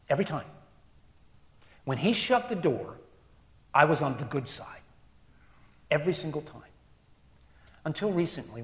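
A man delivers a sermon in an earnest, reflective way. He presses some lines hard and drops others almost to a hush. His voice sits at an ordinary pitch and rings through a roomy hall with a long tail of reverb. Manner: earnest, reflective, swings from emphatic to hushed. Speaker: preacher.

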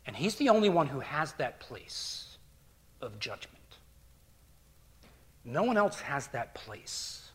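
A middle-aged man preaching a sermon as pastor, earnest, dropping to hushed near-whispers and rising to loud emphatic bursts. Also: mid-range voice, sing-song, slow pace, pauses often.

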